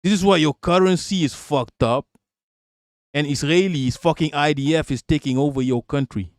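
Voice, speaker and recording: A man's voice: a little high, moderate pace, no echo, studio quality. Man ranting profanely on a live stream. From Southeast Asia. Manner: profane, mocking, animated ranting with laughs. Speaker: live-stream political commentator. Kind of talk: heated live-stream rant.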